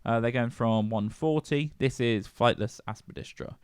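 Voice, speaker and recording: A man co-hosting a music podcast, talking in a loose, opinionated rant and breaking into laughs now and then. His voice sits at an ordinary middle pitch. The sound is dry and close, with no room around it. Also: moderate pace, clear, resonant tone, no room sound. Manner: opinionated, ranting, laughs often. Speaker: podcast co-host. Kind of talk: casual chat.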